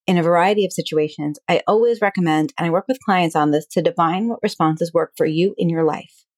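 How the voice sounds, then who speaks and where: A woman hosting an advice podcast as a relationship coach, talking calmly and plainly through examples. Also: lowish voice, no room sound, studio quality. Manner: calm, explanatory, acts out example dialogue.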